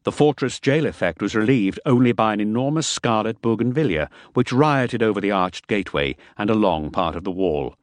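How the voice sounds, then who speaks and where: A man reads a first-person adventure novel aloud in a low voice with lively, varied inflection. The sound is dry and close, with no room around it. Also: dry recording. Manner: measured first-person storytelling. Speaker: audiobook narrator. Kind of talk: scripted audiobook narration.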